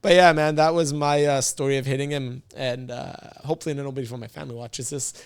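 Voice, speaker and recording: A man from the United States, a podcast guest, telling a story in a casual, animated, slangy way and laughing often. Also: medium pitch, fast talker, gravelly, clean tone, no echo.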